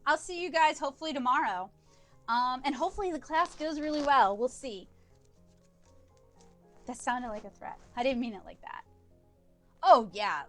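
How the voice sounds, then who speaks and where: A woman's voice: fairly high pitch, fairly bright tone. Chatty woman hosting an art livestream. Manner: chatty, rambling, self-deprecating. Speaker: livestream host and artist. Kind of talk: casual livestream chat.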